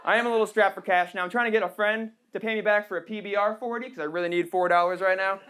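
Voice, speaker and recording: A woman's voice: medium pitch, fairly even intonation, rapid-fire, fairly bright tone. A young trans woman doing a sarcastic, punchy stand-up comedy set on a small club stage. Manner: brash, sarcastic, punchy delivery with frequent "right?" tags. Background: audience laughter.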